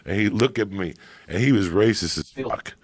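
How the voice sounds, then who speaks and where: A middle-aged man telling animated, profane stories in casual chat on a podcast. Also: on the low side, normal speed, no room sound. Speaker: podcast guest storyteller.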